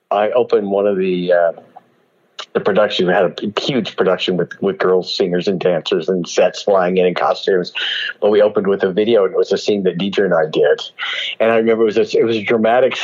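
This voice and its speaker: A man with a lowish voice tells stories as an interview guest. He is animated, laughs often and acts out quoted lines. The audio is dull and lo-fi. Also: brisk. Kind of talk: storytelling interview.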